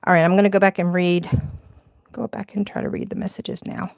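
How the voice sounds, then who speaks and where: Her delivery is flat and fairly quick, in a fairly low voice with vocal fry, on a dry recording. A Southern woman in her forties, she hosts a casual late-night crafting stream from home, moving between rooms as she rambles, laughs a lot and talks to her viewers.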